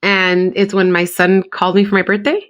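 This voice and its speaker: A woman's voice: medium pitch, flat delivery, a little fast, a bit bright. A woman in her thirties co-hosting a podcast, speaking heartfelt and mixing English with Spanish. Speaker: podcast co-host. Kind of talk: casual chat.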